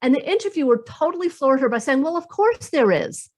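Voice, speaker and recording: A woman career coach giving advice in a podcast interview, enthusiastic and acting out quoted dialogue with lively shifts. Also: high voice, fairly quick.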